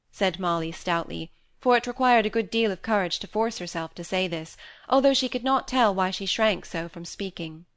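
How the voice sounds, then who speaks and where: A woman reading a novel aloud in a steady, measured narration. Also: mid-range voice, no echo. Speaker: audiobook reader. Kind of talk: scripted narration.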